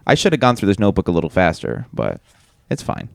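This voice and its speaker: A low-voiced man co-hosting a comedy podcast, swinging widely up and down in pitch as he talks. He swears freely and runs himself down, stopping and restarting mid-sentence. The sound is close and dry, with no room around it. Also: wildly swooping pitch, gravelly, no echo. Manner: swears often, self-deprecating, halting restarts. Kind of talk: casual comedy podcast banter.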